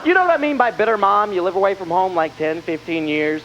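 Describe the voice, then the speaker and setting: A man's voice: high-pitched, fast talker, fairly bright tone. A man from the Southern US with a Southern accent, doing stand-up comedy on a music hall stage with a wry, punchy delivery and acted asides. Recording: dull VHS tape with audience noise. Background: live audience laughter.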